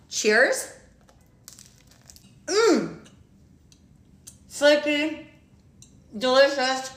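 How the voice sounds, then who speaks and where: A woman's voice: mid-range voice, fairly bright tone, reverberant. A woman influencer doing a food haul and taste test, gushing and eating as she talks. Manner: gushing, bubbly, talks with mouth full.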